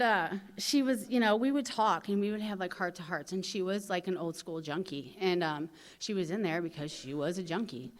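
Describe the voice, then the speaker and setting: A woman in her thirties from St. Louis, USA gives a personal recovery testimony at a convention. Her voice is slightly low, and she speaks candidly and with animation, leaning on "you know" as she tells her story.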